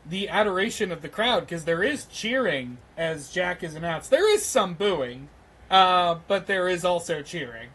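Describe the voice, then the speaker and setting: A man narrating as game master of a tabletop game, slow and hesitant with many pauses and ums. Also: sits high, expressive, a bit bright, breathy edge, rough recording.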